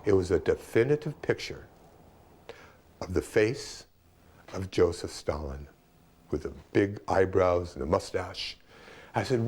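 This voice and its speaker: A man's voice: low voice, lively intonation, a little slow, long pauses, a little mellow, slightly rough. Older man telling a story animatedly. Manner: dramatic, acts out the quoted speech. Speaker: interviewee.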